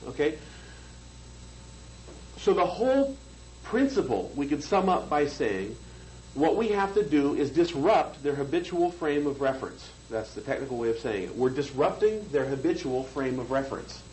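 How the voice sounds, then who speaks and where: A man's voice: a little high, very animated, moderate pace, darkish tone, a little hiss or hum, low-quality recording. A man teaching a hypnosis seminar, lecturing conversationally and checking in with the room. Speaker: hypnosis trainer.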